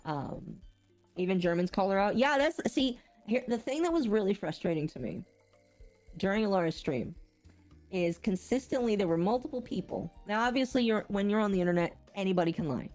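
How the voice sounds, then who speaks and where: A young woman co-hosts a casual streamed podcast, talking in a rambling, halting way full of restarts. Her pitch sits in the middle range, and faint music plays beneath her voice. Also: animated, darkish tone. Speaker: podcast co-host.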